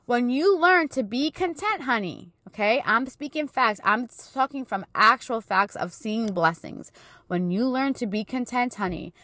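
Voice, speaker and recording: A woman in her thirties hosts a motivational talk in a casual, encouraging way. Her voice sits at an ordinary middle pitch, recorded dry and close with little room sound. She speaks with fervent, faith-filled warmth of conviction. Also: dry recording. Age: 30s. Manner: emotional and fervent in praise. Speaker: podcast host and life coach.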